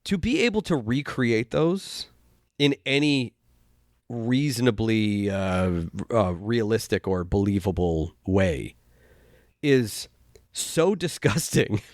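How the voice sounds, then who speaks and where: A man hosting a casual podcast chat, talking haltingly with frequent restarts and sighs. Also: lowish voice, animated, no echo, clean studio sound. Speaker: podcast host.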